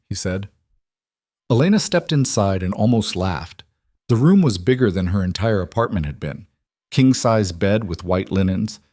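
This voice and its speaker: Low-voiced male audiobook narrator. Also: dry recording, clean studio sound. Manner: even, descriptive storytelling.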